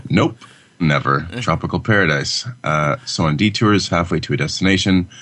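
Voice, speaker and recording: A man's voice: extremely low pitch, a bit bright. A man co-hosting a film podcast in casual crude chat, joking often and reading out listener email. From Canada. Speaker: podcast co-host.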